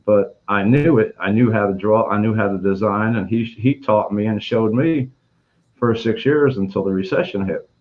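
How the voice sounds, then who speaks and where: A man with a lower voice answers interview questions in short, plain, clipped phrases. His audio sounds dull and lo-fi. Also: normal speed. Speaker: guest.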